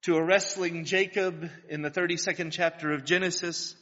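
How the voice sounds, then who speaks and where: High bright-voiced preacher in a big hall. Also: male voice, fairly even intonation, normal speed. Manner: earnest, rising to fervent pleas, with rhetorical questions. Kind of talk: sermon. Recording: dull lo-fi sound with long hall reverb.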